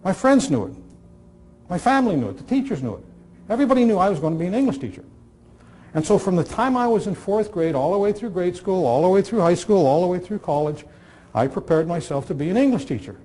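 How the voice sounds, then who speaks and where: Older man telling stories with dramatic pauses. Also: high-pitched, big pitch swings, mellow. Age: 60s. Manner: dramatic pauses, repetition, dry humor. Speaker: speaker on communication skills. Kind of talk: storytelling talk to a live audience.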